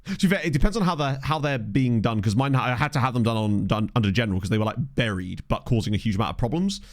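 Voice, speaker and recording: A man's voice: medium pitch, lively intonation, fast. A man chatting casually with his viewers over a game, rambling and self-deprecating, on a desk microphone. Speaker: gaming streamer. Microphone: desk condenser microphone.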